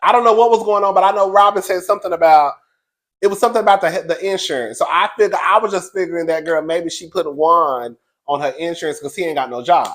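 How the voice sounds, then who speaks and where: A man with a fast, fairly high and somewhat bright voice hosts a reality TV recap. He gossips in a brash, sassy, profane manner, laughing frequently throughout the casual commentary.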